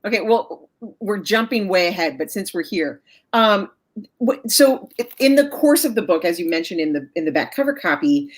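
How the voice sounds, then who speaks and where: A woman's voice: on the low side, animated, moderate pace. A woman in her forties hosting an author interview over a video call, chatty and enthusiastic, with many fillers and frequent laughs. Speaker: host of an author interview show. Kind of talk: casual video chat interview.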